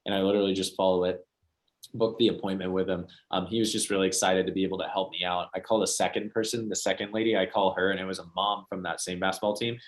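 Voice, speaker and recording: A man's voice: sits low, flat delivery, fast. A young man giving a sales training talk, telling a story and acting out the voices of the people in it. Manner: storytelling, acts out quoted voices.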